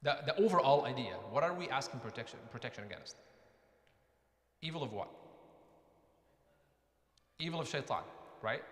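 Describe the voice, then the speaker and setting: A man's voice: mid-range voice, expressive, moderate pace, pauses often, a bit bright. A man giving a conversational mosque lecture, often asking the audience questions. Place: mosque hall. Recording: echoey hall with long reverb.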